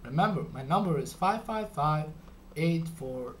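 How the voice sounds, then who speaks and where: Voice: medium pitch, animated, measured pace, slight background noise, voice pushed down, natural voice. A guy doing a gossipy teen girl on the phone. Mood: teasing.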